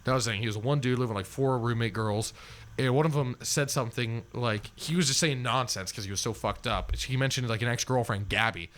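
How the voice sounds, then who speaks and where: A man's voice: mid-range voice, a little fast, fairly bright tone. A man telling a long, rambling story as a podcast guest, swearing freely and packing in fillers. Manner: rambling and profane, heavy on fillers.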